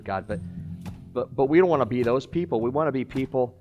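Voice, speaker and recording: A man preaching as a pastor, closing his sermon with a prayer, moving from quiet pleading to loud, urgent calls. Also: medium pitch, fairly quick, soft background music.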